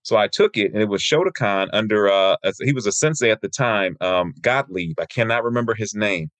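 A lower-pitched man in his fifties, a martial arts teacher from Michigan, tells long personal stories as a podcast guest. He slips into other people's voices when he quotes them. The recording is close and dry, with no room sound. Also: a little fast, dry recording. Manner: lively storyteller who acts out quoted people. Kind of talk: interview guest storytelling.

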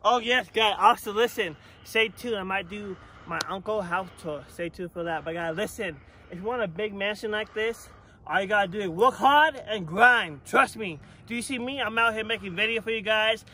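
A hyped male vlogger with a high, bright voice pumps up his viewers while out in a park. He speaks into a handheld camera, with a faint hiss of outdoor noise underneath. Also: moderate pace. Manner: hyped, motivational, talks straight to viewers. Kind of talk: casual vlog chat.

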